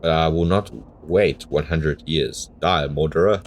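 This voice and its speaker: A solemn, old-fashioned tree spirit that speaks in thees and thous, as a man reads it aloud in a game. The voice sits extremely low and rumbling. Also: unhurried, a little hiss or hum. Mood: dramatic. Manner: mock-archaic thee-and-thou delivery.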